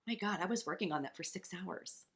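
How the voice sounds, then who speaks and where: A woman's voice: lowish voice, brisk. A woman co-hosting a podcast as a coach, talking in a passionate, blunt and profane way. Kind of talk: casual motivational podcast chat.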